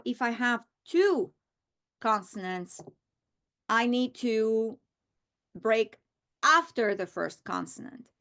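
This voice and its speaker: A middle-aged woman teacher modeling a reading strategy aloud, slow and deliberate, repeating words for emphasis. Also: mid-range voice, creaky, a bit bright.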